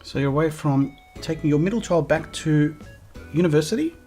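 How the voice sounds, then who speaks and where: A woman's voice: deep voice, animated, brisk, mellow, faint music behind. A woman talking casually on a live game stream, chatty and thanking her viewers as she plays.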